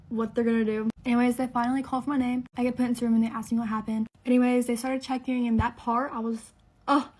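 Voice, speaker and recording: Young woman vlogger, rapid chatty storytime delivery, fairly high voice, dramatic retelling. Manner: chatty, dramatic, lots of "like" fillers. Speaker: beauty vlogger. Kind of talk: storytime vlog while getting ready.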